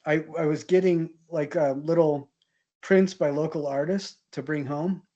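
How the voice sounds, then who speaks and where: A male instructor relaxes into storytelling mid-class, his voice warm and low in tone. He rambles with plenty of ums and restarts, chuckling at his own punchlines. It sounds like a classroom. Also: steady tone, measured pace, muffled recording. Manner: chatty, hesitant, laughs at own stories. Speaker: art history instructor. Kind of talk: casual anecdotal storytelling in class.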